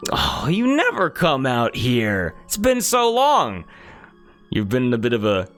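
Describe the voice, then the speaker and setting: A game master voicing an excitable male punk with a mohawk who gushes and swings wildly up and down in pitch during a tabletop game. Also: measured pace, soft background music. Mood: mocking. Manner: gushing, wild pitch swings.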